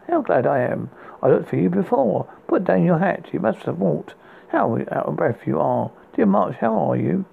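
Gravelly man reading poems over a tinny line. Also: a little high, very animated. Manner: halting, stumbles and restarts words. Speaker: podcast host. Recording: tinny phone-like sound with faint hiss.

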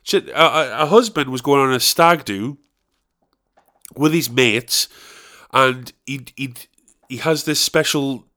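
A man's voice: medium pitch, slow pace, pauses often, sharp tone. A man, ranting profanely and rambling as a podcast host. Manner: rambling, profane ranting with sudden outraged peaks. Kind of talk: casual chat.

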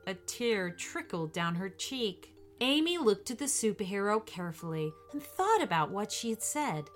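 A woman narrating a children's story in a gentle, expressive way. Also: mid-range voice, normal speed, faint music behind.

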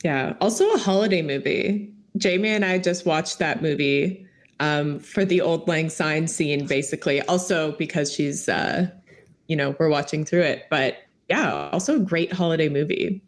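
A young woman co-hosting a podcast, rambling casually with halting restarts and giggles. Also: low voice. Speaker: podcast co-host.

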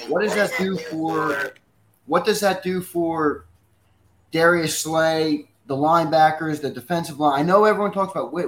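A man's voice: on the high side, a bit bright. A man co-hosting a sports talk show, speaking conversationally and putting long questions to his guests. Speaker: fill-in sports radio co-host.

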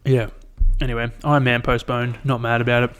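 A man's voice: medium pitch, level tone, normal speed, a bit bright, clear, resonant tone. A young Australian man chatting alone into a mic, rambling and swearing freely as he retells his week. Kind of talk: casual solo chat.

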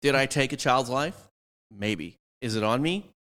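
A man's voice: mid-range voice, expressive, measured pace, fairly bright tone, long reverb tail. A man chatting casually as a podcast co-host, joking and swearing, a bit drunk. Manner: joking, profane, mimics voices in bits. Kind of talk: casual chat.

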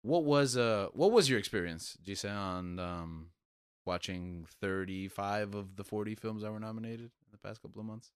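A man hosting a casual podcast, giving relaxed, rambling explanations. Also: fairly low pitch, moderate pace, clean tone, no room sound, studio quality. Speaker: podcast host.

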